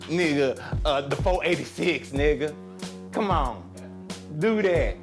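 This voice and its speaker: A man's voice: fairly high pitch, lively intonation, slow pace, over music. A man, a rapper talking brashly and profanely about the local scene. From Dallas, Texas. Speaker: rapper interviewee. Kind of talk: profane candid reminiscing, then rapping a verse.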